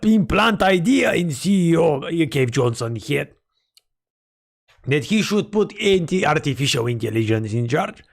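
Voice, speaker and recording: A man's voice: on the high side, very animated, a little slow, creaky. A man live-streaming, talking through game lore in a rambling way and correcting himself as he goes. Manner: rambling, self-correcting, speculative. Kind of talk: casual live-stream commentary.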